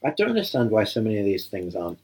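A man with a low, husky voice chats his way through a film commentary. He jokes crudely and rambles from one aside to the next. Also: wildly swooping pitch, racing, a little mellow. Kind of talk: casual film commentary chat.

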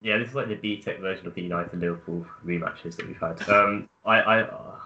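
Deep fast young man on a dull line. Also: steady tone, pushed and bright. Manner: hesitant, full of fillers. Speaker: podcast panelist. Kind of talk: casual football chat. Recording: dull lo-fi remote line with faint noise.

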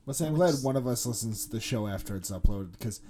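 A man's voice: mid-range voice, animated, fast talker, noisy background. Stammering podcast co-host man. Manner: stammering restarts, crude jokes. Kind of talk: casual podcast chat. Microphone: video call.

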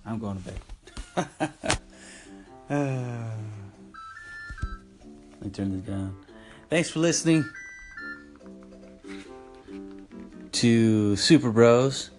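A man's voice: on the low side, a little mellow. A man hosting his own podcast, wrapping up an episode in a casual, rambling way with frequent chuckles and self-deprecating asides. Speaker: podcast host. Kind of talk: casual solo podcast outro.

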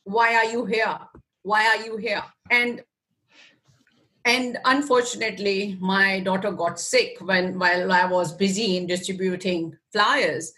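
A woman's voice: mid-range voice, steady tone, a little slow, pushed and bright. A woman guest in an interview telling an emotional personal story, acting out her own past words and often laughing.

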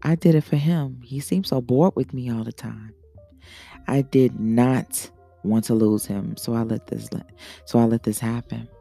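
A woman's voice: rumbling low, steady tone, a little slow, creaky, dark tone, faint music behind, heavily acted. A man voicing a hurt, anxious young wife in an adult story. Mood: distressed. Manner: anxious, pleading.

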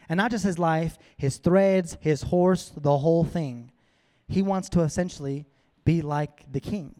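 High-voiced man preaching playfully. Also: a little mellow. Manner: casual, playful retelling with acted-out character voices. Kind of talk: animated sermon storytelling.

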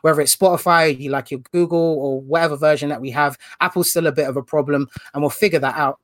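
A man hosting a casual podcast, energetic and slangy, joking as he runs through plugs. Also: fairly high pitch, quick pace, few pauses, no echo, clean studio sound. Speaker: podcast host.

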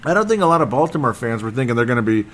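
Rambling, excitable football recap man. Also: medium pitch, racing. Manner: rambling, excitable, loses his train of thought. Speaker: sports podcast host. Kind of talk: casual solo football recap.

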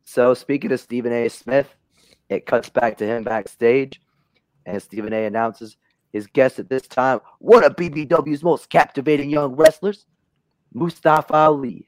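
A man's voice: medium pitch, moderate pace, no room sound. Casual swearing man reading a script. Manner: swears freely, reads lines in quotes with small voice shifts. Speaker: podcast co-host reading his fantasy booking. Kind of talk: casual podcast chat, reading a script aloud.

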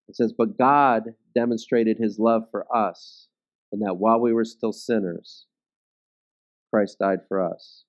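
A man's voice: lowish voice, steady tone, a little slow, lo-fi sound. A man leading a Bible study, teaching in a conversational way and often checking in with his listeners.

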